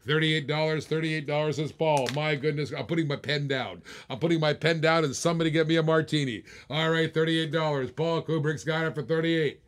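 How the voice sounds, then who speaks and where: A man's voice: a little high, steady tone, fairly quick, hardly any pauses. A man hosting a live-stream auction, calling bids with playful, teasing, hyped-up patter. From Australia.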